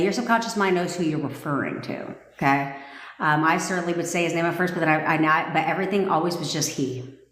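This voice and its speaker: A woman coaching on a livestream, talking bluntly and swearing freely as she gives commands. Her voice sits a little low. The room is echoey, with a long reverb tail behind her words. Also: fairly bright tone. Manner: blunt, profane and commanding, with rising intensity. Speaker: manifestation coach. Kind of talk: livestream talk to viewers.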